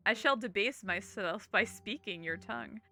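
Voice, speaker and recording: A woman's voice: medium pitch, normal speed, sharp tone. Woman playing a haughty snobbish French cat. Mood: scornful. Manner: disdainful, insulting, formal.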